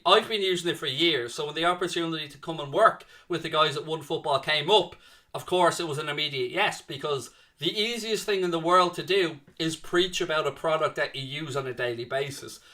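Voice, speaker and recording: A man's voice: a little high, bright, forceful tone. A man hosting a live football watchalong who chats casually and reads viewers' comments aloud.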